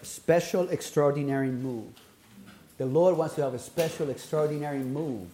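A man's voice: fairly high pitch, moderate pace, dark tone, slight background noise. A man preaching a sermon in an earnest, emphatic way, building his points through repeated phrases.

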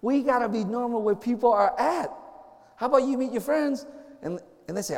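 A man's voice: very high-pitched, a little fast, darkish tone, long reverb tail. A campus minister giving a chatty, joking sermon to a group, acting out little conversations as he goes.

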